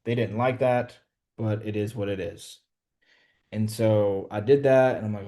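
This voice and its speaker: A man's voice: lowish voice, fairly even intonation, unhurried, warm tone. A man casually telling a story to a group on a call, slangy and profane, full of "bro" and "like". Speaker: real estate wholesaler coaching a group.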